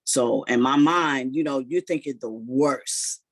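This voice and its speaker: A man retelling a personal story in casual talk, animated and full of "you know" and "like". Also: mid-range voice, a little slow.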